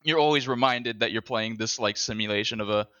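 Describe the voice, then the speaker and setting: A man's voice: lowish voice, fairly quick, sharp tone, lo-fi sound. A man co-hosting a casual gaming podcast, telling profane, laughing stories. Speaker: podcast co-host.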